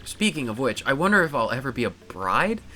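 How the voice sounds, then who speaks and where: A man's voice: mid-range voice, very animated, fairly quick, pushed and bright. A man reading as Goombella, nosy goomba girl. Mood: chatty. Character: young female goomba student, cheerful and nosy. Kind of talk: reading game dialogue on a live stream.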